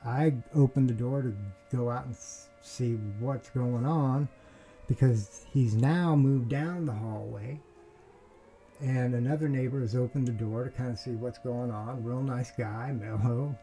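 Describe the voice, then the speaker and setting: A man's voice: medium pitch, measured pace, warm tone, poor audio. A man talking straight to the camera, telling a long story about a neighbor in a rambling, aggrieved way, with restarts and swearing. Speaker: vlogger. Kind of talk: casual storytelling monologue.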